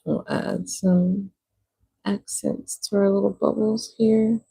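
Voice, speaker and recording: A woman's voice: medium pitch, little pitch movement, slow, creaky, warm tone, breathy edge, poor audio. A young woman livestreaming, chatting casually while she paints, rambling with lots of "like" fillers.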